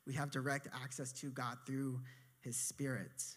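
A male pastor preaching a sermon in an easygoing, chatty way. He has a mid-pitched voice and corrects himself mid-sentence. His delivery feels like he is talking straight to his congregation. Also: flat delivery, a little slow, fairly bright tone. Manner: casual conversational preaching with asides and self-corrections.

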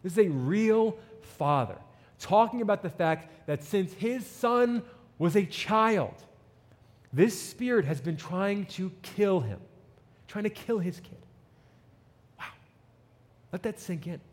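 A man preaching a sermon with an animated delivery, reading scripture and acting out the people in it. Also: high voice, slow, long pauses, in a large hall. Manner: animated preaching, reads scripture and acts out quotes. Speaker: pastor.

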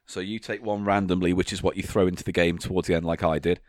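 A man's voice: sits low, flat delivery, no echo. A man playfully running a mock job interview in improvised comedy. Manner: playful interviewer, quick back-and-forth.

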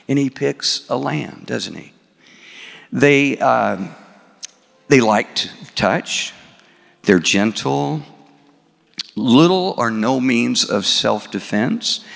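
A man delivers a sermon at an unhurried pace, his voice edged with a gravelly rasp. He puts questions to his listeners and recites scripture in a slow, measured cadence. Long reverb from the hall trails each phrase. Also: mid-range voice, fairly bright tone. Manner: asks the congregation questions, recites slowly. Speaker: preacher.

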